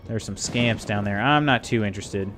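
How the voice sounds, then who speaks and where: A man's voice: fairly low pitch, normal speed, fairly bright tone, soft background music. A man streaming a game live, chatting casually and thinking aloud to his viewers. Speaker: gaming streamer. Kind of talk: casual live gameplay commentary.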